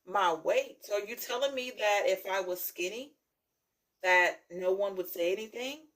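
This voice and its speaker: Woman doing an indignant woman on a date, questioning, slightly raised pitch. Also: moderate pace, a bit bright, natural voice. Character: upset woman on a bad date.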